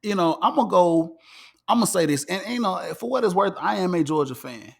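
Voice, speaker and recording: A man leads a casual sports talk show. His voice sits high for a man. He is animated and emphatic and keeps doubling back on his words. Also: a little fast, vocal fry. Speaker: podcast host.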